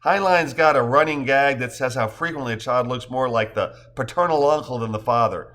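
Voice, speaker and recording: A man narrating a novel in an expressive, storytelling way. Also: medium pitch, normal speed, hardly any pauses. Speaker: audiobook narrator. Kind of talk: scripted narration.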